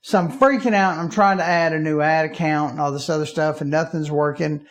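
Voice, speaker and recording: A man from Alabama, co-hosting a podcast and telling a story in a lively way, acting out his own panicked reactions. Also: on the high side, fairly quick. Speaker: podcast co-host. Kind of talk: casual chat.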